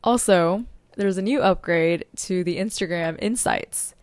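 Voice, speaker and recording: A woman's voice: lowish voice, unhurried, dry recording. A young adult woman hosting a solo podcast as a social media strategist, talking in an upbeat, informative way and now and then tripping over her words.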